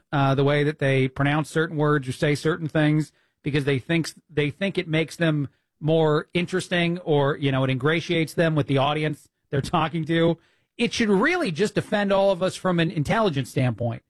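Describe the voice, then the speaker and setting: A man hosts a talk radio show from a dry, close studio mic, his voice sitting a bit high for a man. He rants indignantly with many "uh" fillers and quick restarts. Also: no room sound. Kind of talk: opinionated talk radio monologue.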